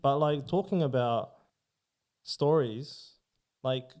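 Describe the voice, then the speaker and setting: Man, podcast guest, casual storytelling, mellow tone, rambling, swears a lot. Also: medium pitch, slow. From Australia. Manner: rambling, heavy swearing, many "like" fillers.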